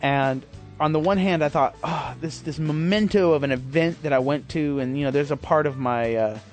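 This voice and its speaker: A man's voice: a little high, normal speed, faint music behind. A man hosting his podcast in a rambling, self-deprecating casual monologue, swearing freely. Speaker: podcast host.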